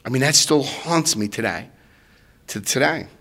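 A middle-aged man telling his recovery story to a room, animated, swinging between loud and soft and acting out voices. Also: mid-range voice, moderate pace, gravelly. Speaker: recovery speaker.

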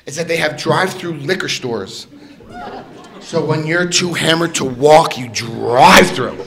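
A middle-aged man tells his recovery story to a room in an unhurried, somewhat high voice. He's animated, swinging between loud and soft and acting out voices as he goes.

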